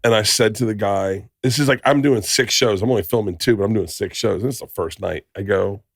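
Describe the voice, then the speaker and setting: A man co-hosting a podcast, telling stories in a casual, animated way and acting out the people in them. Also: lowish voice, a little fast, gravelly, husky, no room sound, clean studio sound. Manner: animated storyteller, acts out voices. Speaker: podcast co-host. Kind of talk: casual storytelling chat.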